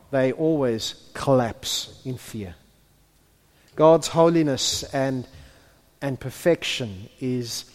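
A man preaching a sermon who builds to impassioned, near-shouted peaks and then drops to hushed tones. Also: mid-range voice. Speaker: pastor. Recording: long hall reverb.

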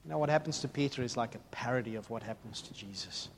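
A man preaching a sermon in an animated way, acting out the voices of the people in the story. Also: medium pitch, fast talker, a little hiss or hum.

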